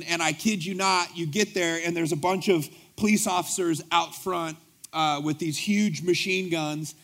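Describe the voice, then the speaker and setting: A man preaching a sermon as pastor, telling a story with lively acted-out dialogue. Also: fairly high pitch. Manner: animated storyteller acting out dialogue.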